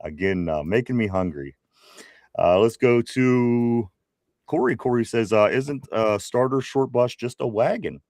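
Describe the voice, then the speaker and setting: A man co-hosts a casual live sports show, reading out viewer comments and laughing often. His mid-range voice is a little slow with a darkish tone, and the recording is clean studio sound with no room echo.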